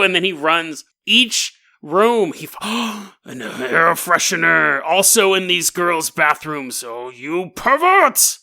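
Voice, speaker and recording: Animated, high-voiced comedic storyteller man. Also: slow, creaky, few pauses. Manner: animated, jokey, laughs mid-sentence. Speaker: podcast host.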